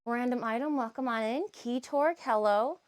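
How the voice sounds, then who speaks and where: A woman's voice: on the high side, moderate pace. A woman live streaming, chatting casually, greeting viewers by name and grumbling about her cats.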